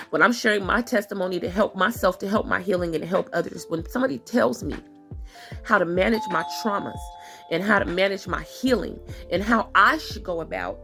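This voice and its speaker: A woman's voice: mid-range voice, gravelly, fairly bright tone. A woman hosting a podcast, speaking about her own experiences in an emphatic, confrontational way that repeats its points and is sometimes close to tears. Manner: emphatic, repetitive and confrontational, at times tearful. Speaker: podcast host. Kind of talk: personal testimony monologue.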